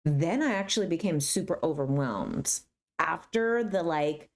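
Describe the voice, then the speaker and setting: Low-voiced woman telling stories. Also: measured pace. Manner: animated, acts out her mom's voice mid-story. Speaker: YouTuber. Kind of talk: casual storytelling to camera.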